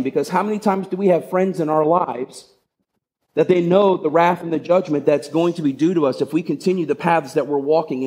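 A man's voice: a little high, darkish tone. A male pastor giving a sermon, retelling a story in a conversational way with rhetorical questions.

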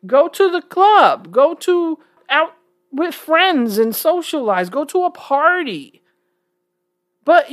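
A woman from New York talking casually to her viewers, blunt and emphatic, with frequent chuckles. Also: high voice. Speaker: vlogger. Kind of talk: casual talk to camera.

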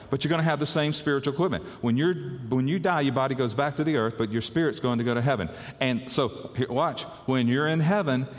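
A man's voice: medium pitch, long reverb tail, highs cut off. A male pastor preaching a conversational sermon, often repeating words as he restarts his sentences.

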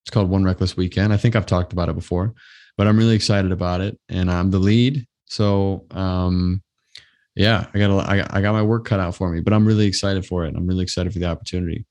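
A man's voice: deep voice, steady tone, quick pace, darkish tone. A man hosting his own podcast, chatting alone in a loose, rambling way full of fillers. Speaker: podcast host. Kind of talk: casual solo podcast chat.

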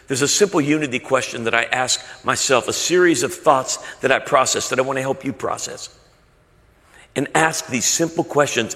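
A man's voice: mid-range voice, a bit bright, in a large hall. A man preaching a sermon, telling stories with rising passion. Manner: storytelling, impassioned. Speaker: pastor.

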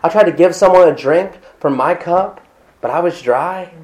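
A man's voice: on the high side, moderate pace, a little mellow, lo-fi sound. A man preaching a sermon as pastor of his church, talking casually with asides and acting out little quoted exchanges. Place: church hall with congregation.

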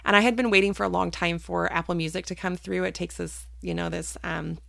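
A woman's voice: fairly low pitch, steady tone, brisk, vocal fry, fairly bright tone, no echo, clean studio sound. A woman hosting a personal faith podcast, talking candidly and hesitantly with many fillers and restarts. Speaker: podcast host.

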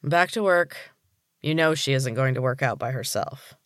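Male narrator plays a smug bossy gym chief, mid-pitched, dry close read. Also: animated, moderate pace, fairly bright tone, no echo, lightly acted. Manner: smug commanding. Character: older male gym boss, smug and domineering.

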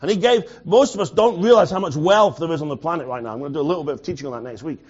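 A man preaching a sermon as a pastor, swinging from loud urgent lines to quiet near-mutters. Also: fairly high pitch, rapid-fire, lo-fi sound.

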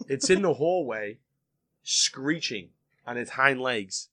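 Bright voiced guy on a chat podcast, animated storyteller. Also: mid-range voice, slow. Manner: animated storyteller, laughs often. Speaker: podcast co-host. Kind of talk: casual chat.

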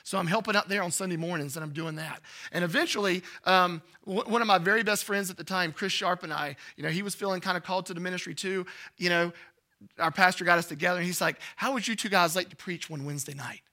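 A man, a pastor telling a personal story in an animated way during a sermon. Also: high voice, quick pace. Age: 40s.

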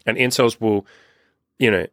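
A man's voice: on the low side, steady tone, measured pace, a bit bright, no room sound, clean studio sound. A man, a life coach, talking in a casual self-help monologue, frank and profane, acting out his own inner questions.

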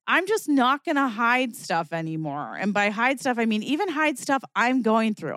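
On her solo podcast, this young woman talks in a casual, candid, expressive way, swinging between lively bursts and quiet, reflective moments. Her voice is fairly high, captured in a clean studio with no room sound.

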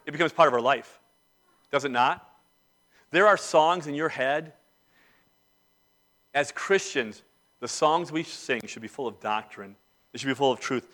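Bright-voiced emphatic male preacher. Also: a little high. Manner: emphatic preaching, swinging between soft and loud. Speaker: pastor. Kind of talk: sermon.

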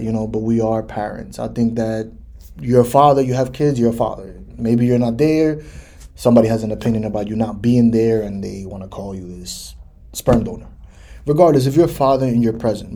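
A man in his thirties talks through a solo podcast episode in a relaxed, easygoing way, filling gaps with "you know" and "like". His voice is mellow and dark, with a husky grain to it. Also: medium pitch. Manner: conversational, loose, many fillers like "you know". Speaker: podcast host. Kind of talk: casual solo podcast talk.

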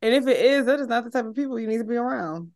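A woman's voice: a little high, lively intonation, very fast, darkish tone. Emphatic, laughing woman podcast co-host. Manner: laughs often, swears freely, emphatic. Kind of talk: casual podcast chat.

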